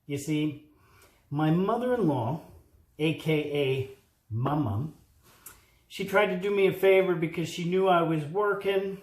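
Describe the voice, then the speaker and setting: A man with a high voice hosts a joking DIY repair video. He rambles and lectures with emphasis. His voice echoes around a room in a home. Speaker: handyman host. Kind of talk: casual DIY how-to video. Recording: roomy echo.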